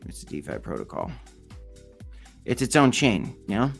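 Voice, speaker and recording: A man's voice: fairly low pitch, wildly swooping pitch, normal speed, creaky, slightly rough, soft background music. A man hosting a casual crypto livestream, reading and answering viewer chat in a loose, joking way.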